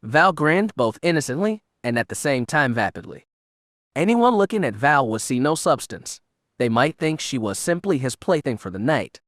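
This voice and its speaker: Guy reading a sci-fi audiobook, steady, dry no-room sound. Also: medium pitch, no room sound. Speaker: audiobook narrator. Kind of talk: scripted narration.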